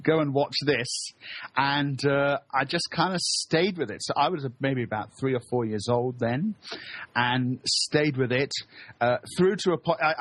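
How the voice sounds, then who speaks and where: A man in his forties from England with a British English accent, speaking as a guest co-host on a podcast in an enthusiastic, rambling way. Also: medium pitch. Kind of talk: casual podcast chat. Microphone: computer mic on a video call.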